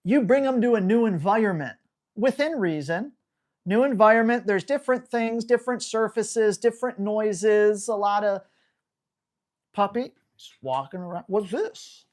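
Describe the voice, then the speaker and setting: A man's voice: sits high, moderate pace. A man hosting a live dog-training Q&A, talking bluntly and hammering home key words. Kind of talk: live Q&A stream.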